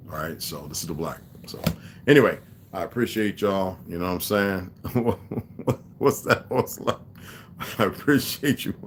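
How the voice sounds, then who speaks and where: A man with a very deep voice rambles casually on a livestream, blunt, preachy and profane. He leans on fillers and restarts. A faint hum of noise sits behind him. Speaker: livestream vlogger.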